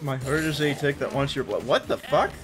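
A man's voice: medium pitch, a little fast, music in the background. A man playing a video game with a friend, joking and laughing as they go. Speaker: let's play player. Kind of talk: casual gameplay commentary.

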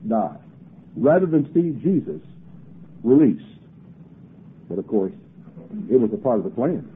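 A man's voice: medium pitch, slightly rough. A man preaching a sermon, reading scripture aloud dramatically and pressing emphatic rhetorical questions on his listeners. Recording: tinny narrow-band 1980s sermon recording.

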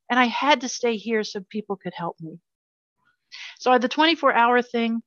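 A woman's voice: mid-range voice, fairly bright tone, no room sound. A middle-aged woman talking as an interview guest, earnest and emphatic, speaking with passion about hard personal experiences. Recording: slightly dull lo-fi audio.

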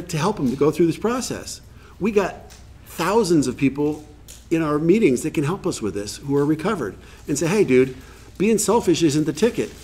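This man's voice is a little high and husky. Speaking informally at a live recovery workshop event, he keeps a conversational manner while reading passages aloud and acting out quotes.

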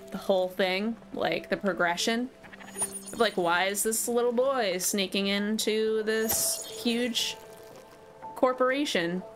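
A young woman talks casually while she plays a game on a live stream, reading viewer messages aloud and laughing easily. Her voice sits at a middling pitch and sounds relaxed and candid. Game music plays clearly beneath her. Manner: reads chat aloud, laughs often, chatty and candid.

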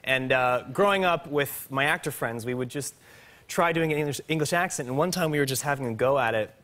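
Bright-voiced man telling a self-mocking story. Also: medium pitch, brisk. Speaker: actor, talk show guest. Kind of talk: anecdote on a late-night talk show.

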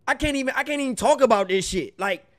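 A man's voice: extremely high pitch, lively intonation, fast talker, a bit bright. A young man hosting a music reaction video, ranting casually in slang and swearing in exasperation. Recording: faint music behind the voice.

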